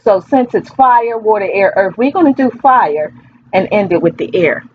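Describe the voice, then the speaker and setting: A woman's voice: mid-range voice, expressive, normal speed, slight background noise. Woman tarot reader, casual rambling vlog delivery, dull lo-fi recording with faint background ambience. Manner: chatty, rambling, playful.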